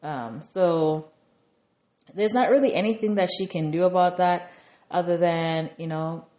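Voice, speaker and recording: A woman with a lowish voice chats her way through a reality show recap. She rambles and leans on fillers as she goes, speaking casually rather than from a script. The recording carries a noticeable room echo. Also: a little slow, warm tone. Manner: chatty, rambling with many "you know" fillers. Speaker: TV recap reviewer.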